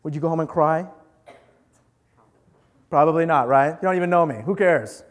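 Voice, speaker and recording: A young man preaching a casual, joking sermon to a live group, talking animated and conversational. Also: fairly high pitch, normal speed.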